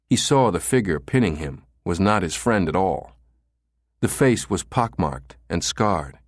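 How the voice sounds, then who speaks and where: Male audiobook narrator, low voice with lively pitch, dry close recording, dramatic reading. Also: no echo. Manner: dramatic, measured storytelling. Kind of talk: scripted thriller narration.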